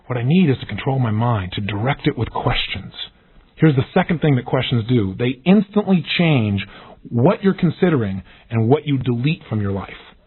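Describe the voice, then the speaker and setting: A man giving an energetic recorded self-help lesson, acting out the questions he describes in lively voices. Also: mid-range voice, breathy edge. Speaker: motivational speaker. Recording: tinny phone-like audio.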